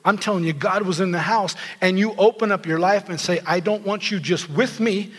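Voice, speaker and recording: A man preaching a sermon as a pastor, telling the story in animated fashion and acting out the quotes. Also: sits high, normal speed, long reverb tail.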